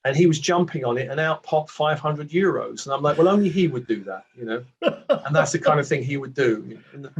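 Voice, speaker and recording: A British man in his sixties, a reflective guest telling his story with gentle self-deprecating asides. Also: mid-range voice, a little hiss or hum. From Britain. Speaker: award recipient guest. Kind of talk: reflective casual conversation. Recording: dull muffled lo-fi audio.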